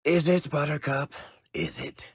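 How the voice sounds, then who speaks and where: A man's voice: on the high side, big pitch swings, measured pace, slightly rough, no room sound, full character voice. An actor playing a wry, teasing middle-aged male dwarf storyteller in sarcastic video game companion banter.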